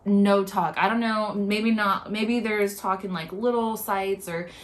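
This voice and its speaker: A young woman talks straight to her viewers in an upset, halting way. She circles back on her words and fills the gaps with constant filler words. Her voice sits in a middle pitch. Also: steady tone. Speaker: vlogger. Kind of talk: emotional reaction commentary.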